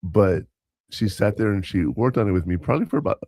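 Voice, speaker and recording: A man's voice: lowish voice, animated, fairly quick, vocal fry, a little mellow, dry recording, clean studio sound. A man who works as a substitute teacher, co-hosting a podcast and telling rambling stories with quoted dialogue and self-corrections. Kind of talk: casual storytelling chat.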